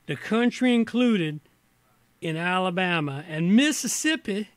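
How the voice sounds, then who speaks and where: A man's voice: high voice, expressive, a little slow, clean tone, no room sound. A slightly tipsy man hosting a casual livestream, reading from an old reference book and breaking off into muttered, rambling asides. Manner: rambling, muttered asides between read passages. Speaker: host.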